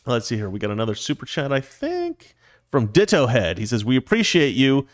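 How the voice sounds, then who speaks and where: Speaking briskly in a mid-range voice whose pitch swoops wildly, a man in his forties runs his own talk show. He delivers opinionated, conversational commentary and viewer messages, frequently starting over mid-thought, in a clean, dry studio recording.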